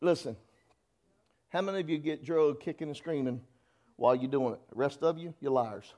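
A man's voice: a little high, normal speed, darkish tone. A man preaching a sermon, folksy and teasing, acting out little voices as he goes. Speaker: pastor.

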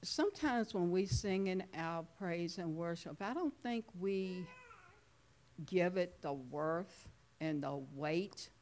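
A woman's voice: fairly low pitch, expressive, slow pace, a little mellow. A woman sharing a devotional reflection at a church service, earnest and emphatic, repeating key words.

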